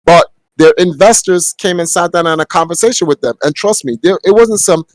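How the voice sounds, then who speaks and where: A man's voice: sits high, a little fast, few pauses, no room sound, rough recording. A young man hosting a podcast, talking bluntly and profanely in a casual rant that keeps climbing into heated outbursts. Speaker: podcast host. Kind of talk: casual ranting monologue. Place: home room.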